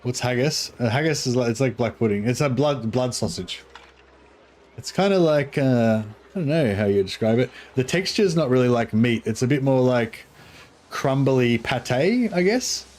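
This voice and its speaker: A man's voice: medium pitch, animated, normal speed, darkish tone. Chatty man streaming a game. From Australia. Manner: rambling, chuckling, reads chat aloud. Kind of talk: casual live-stream chat.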